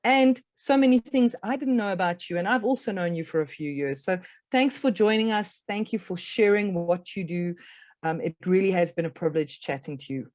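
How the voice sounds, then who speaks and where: A woman co-hosting a podcast, wrapping up the chat in a reflective, measured way. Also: mid-range voice, a little mellow, no room sound, highs cut off. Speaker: podcast co-host. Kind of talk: casual interview chat.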